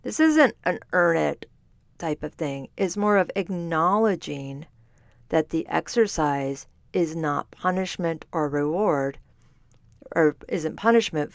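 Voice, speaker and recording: A woman's voice: on the low side, gravelly, no echo, clean studio sound. A woman hosting a podcast as a fitness and nutrition coach, explaining in a conversational way and correcting herself as she goes. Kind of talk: solo podcast talk. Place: standing while recording.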